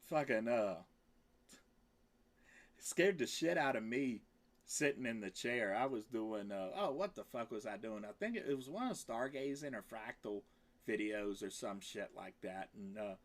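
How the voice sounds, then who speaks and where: A man's voice: animated, measured pace. A man hosting a rambling casual livestream, swearing freely and laughing between lines. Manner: swings into high squeaky voice for quoted exclamations. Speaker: livestream host.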